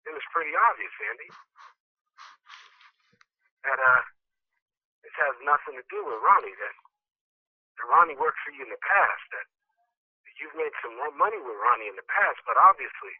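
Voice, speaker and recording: A man's voice: on the high side, breathy edge, dry recording. A man giving a motivational talk through a story, acting out the dialogue with animation. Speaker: motivational speaker. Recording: tinny phone-like sound, dry.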